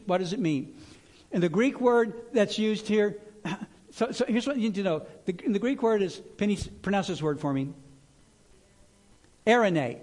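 Middle aged pastor guy preaching, kinda high voice, chatty and lively, gets the crowd to say stuff back. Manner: lively, conversational preaching with congregation call-and-response. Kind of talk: sermon.

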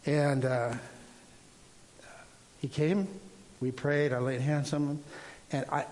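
A man in his sixties preaching informally, telling a personal testimony in a rambling, halting way with many restarts. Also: a little high, little pitch movement, darkish tone.

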